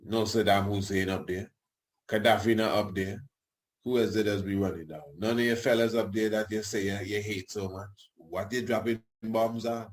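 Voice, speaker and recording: A man's voice: on the low side, fairly even intonation, moderate pace. A man hosting a radio show, talking in a rambling, colloquial way with tag questions and chuckling asides. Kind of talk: casual radio talk.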